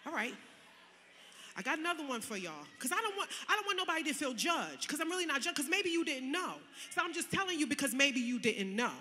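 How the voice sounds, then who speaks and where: A woman pastor preaching a sermon in a casual, colloquial way, swinging from loud shouting to soft, chatty asides. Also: high-pitched, big pitch swings, fast talker, in a large hall, slight background noise. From Connecticut, USA. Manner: casual, colloquial preaching with direct address to the congregation. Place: large church sanctuary.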